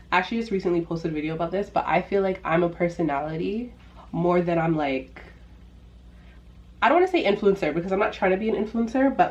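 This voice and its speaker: A woman's voice: fairly low pitch, highs cut off. Bubbly young woman chatting on camera. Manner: bubbly, giggly, lots of "like" fillers. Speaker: vlogger. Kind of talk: casual chatty get-ready-with-me vlog. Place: indoors at home, doing makeup.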